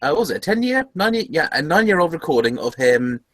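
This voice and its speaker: Giggly podcast host, dry sound. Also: male voice, on the high side, sing-song, fast, fairly bright tone, no echo, low-quality recording. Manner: giggly, stumbling restarts. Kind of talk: casual chat.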